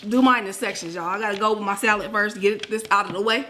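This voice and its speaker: Woman chatting thru a mukbang, lively, says y'all a lot, bit of hiss. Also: medium pitch, fast talker. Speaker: vlog co-host. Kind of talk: casual mukbang chat.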